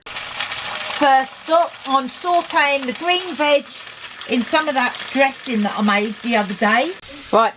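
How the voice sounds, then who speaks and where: A woman's voice: high voice, background noise. A middle-aged woman narrating a casual vlog to camera in a chatty, upbeat way. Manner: chatty and upbeat, with frequent laughs. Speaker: vlogger.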